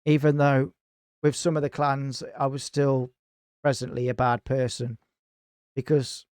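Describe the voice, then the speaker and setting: In a dry, clean studio recording, a man with a smooth, medium-pitched voice talks at a measured pace. He's the founder of a gaming clan, guesting on a podcast and animatedly recounting a heated story, full of swearing and acted-out lines from others.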